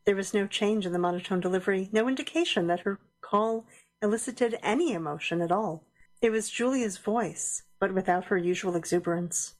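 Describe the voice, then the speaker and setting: A woman narrates an audio drama in a measured, deliberate way. Her voice sits at an average pitch.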